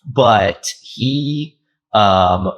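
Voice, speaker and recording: A man co-hosting a podcast in casual chat, with dry, relaxed banter. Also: fairly low pitch, very slow, dull audio. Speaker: podcast co-host, the other's boss.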